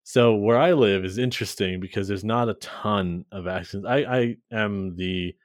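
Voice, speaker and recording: A man's voice: fairly low pitch, normal speed, no echo, studio quality. A man from Canada, guest on a podcast, chatting casually and laughing easily.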